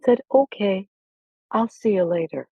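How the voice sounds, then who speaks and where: A middle-aged woman, a golf instructor, telling stories animatedly in a casual podcast chat, with quick asides and restarts. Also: mid-range voice, husky, no room sound, narrow, tinny audio.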